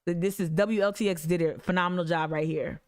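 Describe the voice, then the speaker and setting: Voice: mid-range voice, fairly even intonation, a little fast, slight background noise. An activist commentator, reacting to news clips in emphatic casual talk, often restarting sentences. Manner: emphatic, with many restarts and asides.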